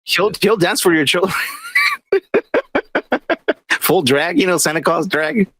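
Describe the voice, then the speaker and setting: A man co-hosting a podcast in casual chat, laughing often and jumping into high squeaky imitations. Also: animated, fairly quick, fairly bright tone, breathy edge. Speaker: podcast co-host.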